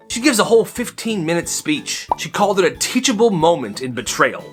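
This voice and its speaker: A man's voice: high-pitched, very animated, fairly quick, few pauses. A young man telling stories casually in a chatty, sarcastic way, mocking the people in them. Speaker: storyteller. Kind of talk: casual storytime narration. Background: faint music.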